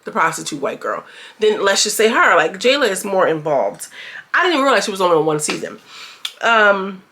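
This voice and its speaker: A woman's voice: very animated, fairly quick, pushed and bright. Chatty woman recapping a show. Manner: chatty, slangy, jumps into high mocking voices when quoting. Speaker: show reviewer. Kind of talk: casual recap chat.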